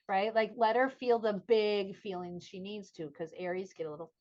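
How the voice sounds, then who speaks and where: A middle-aged woman co-hosts a casual podcast chat, animatedly narrating a story and impersonating the people she quotes. Her medium-pitched voice is steady and darkish at a normal speed, with a lo-fi sound.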